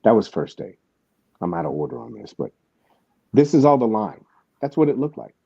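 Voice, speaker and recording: A man's voice: medium pitch, very animated, moderate pace, gravelly, mellow, husky, no room sound, muffled recording. A man hosting a podcast, telling a story in casual chat, with lots of restarts and asides. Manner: rambling storytelling with many restarts. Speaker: podcast host.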